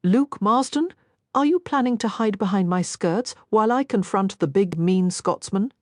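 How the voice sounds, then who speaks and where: A woman narrator voicing a confident, witty young noblewoman, brisk and teasing. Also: mid-range voice, no echo, studio quality, pitched above the performer's own voice, close to an everyday voice.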